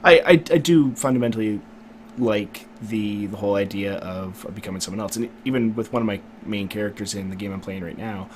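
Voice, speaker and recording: A man's voice: lowish voice, brisk, a little hiss or hum. A young man co-hosting a podcast, chatting in an easygoing, self-mocking way and swearing casually. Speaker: podcast co-host. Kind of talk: casual chat.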